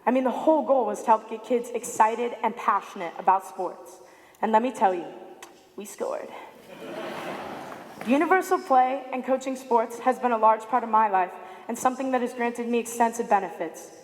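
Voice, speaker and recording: A woman in her late teens giving a prepared speech to an audience, telling a story with animated delivery and acting out quoted lines. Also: a little high, a little fast. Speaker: student speaker. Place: large high school arena. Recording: echoey arena with long reverb.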